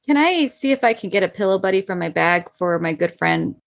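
A woman takes part as a player in a tabletop game. She talks in a casual, playful way, full of questions and quick jokes. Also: mid-range voice, expressive, vocal fry. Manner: playful, chatty, laughing often.

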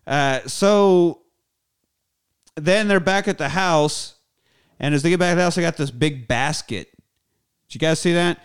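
A man talks through a film's plot in a loose, profane, animated rant. His voice is smooth and clean, and he keeps things casual. He sounds like a podcast host recapping for his co-hosts. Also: fairly high pitch, unhurried, pauses often.

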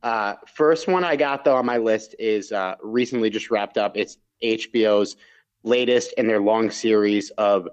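A man's voice: fairly low pitch, measured pace, smooth. A man co-hosting a podcast, chatting casually about TV shows he watched, rambling with restarts and asides. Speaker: podcast co-host reviewing TV shows. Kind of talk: casual chat.

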